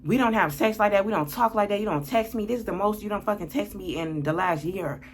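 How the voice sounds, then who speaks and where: A woman's voice: mid-range voice, quick pace, slight background noise. A woman telling a personal story on her vlog in a blunt, profane, worked-up way. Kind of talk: casual storytime monologue.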